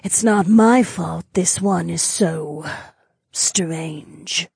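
A male narrator voicing a proud, scornful young female spirit, breathy and drawn-out, with a contemptuous manner. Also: high-pitched, darkish tone, no room sound, studio quality, voice pushed up, heavily acted. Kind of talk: audiobook character voice.

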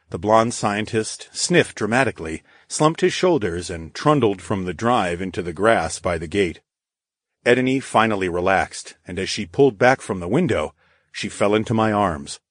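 A man giving expressive first-person narration of a story. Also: lowish voice, moderate pace, no room sound, clean studio sound. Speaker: audiobook narrator.

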